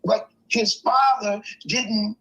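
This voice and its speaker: A man in a casual chat, giving measured, opinionated commentary. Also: sits high, fairly even intonation, sharp tone, poor audio.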